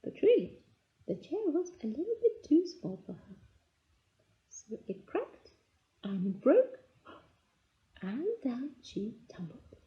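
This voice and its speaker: A woman reading a children's fairy tale aloud, slow and expressive, voicing the characters' lines. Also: fairly high pitch, highs cut off. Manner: slow, lively storytelling with voiced character lines. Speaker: storybook reader.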